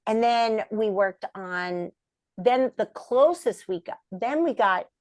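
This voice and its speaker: A woman's voice: takes it slowly, dry recording. A middle-aged woman, a puppeteer and voice actress, telling stories as an interview guest and acting out the voices of the people she quotes. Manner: animated, acts out quoted voices with big pitch jumps. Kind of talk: storytelling in a podcast interview.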